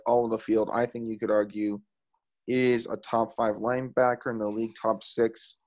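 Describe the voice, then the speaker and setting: A young man co-hosting a casual sports podcast, enthusiastic and quick to laugh. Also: medium pitch. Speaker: podcast co-host.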